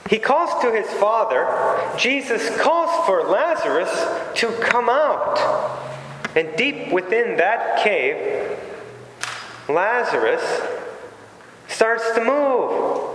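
A man preaching a sermon, emphatic and dramatic, pausing and repeating his key lines for weight. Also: very high voice, fairly bright tone, a little hiss or hum. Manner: emphatic, with dramatic pauses and repetition. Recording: very echoey hall with long reverb.

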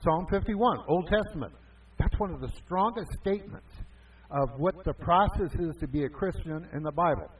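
A man's voice: a little high, lively intonation, normal speed, breathy edge. A man preaching a conversational sermon as pastor, asking and answering his own questions. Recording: tinny phone-like sound from far off.

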